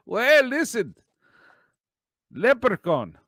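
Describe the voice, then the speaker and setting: A man hosting a light comedy morning show, full of chuckles and teasing asides. His voice is high and lively, and the sound is dry and close. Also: very slow, dry recording.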